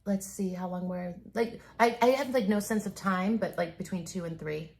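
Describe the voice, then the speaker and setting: A woman's voice: mid-range voice, moderate pace, a little mellow. Casting note: woman, guest on a casual talk stream, loose storyteller who circles back and restarts often. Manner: rambling storyteller, many likes and restarts. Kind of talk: casual chat.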